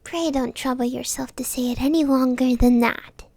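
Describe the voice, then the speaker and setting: A woman's voice: high-pitched, fairly even intonation, moderate pace, gravelly, darkish tone, no room sound. Alice, a woman doing a polite young girl. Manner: polite, a little indignant. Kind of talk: whispered role-play.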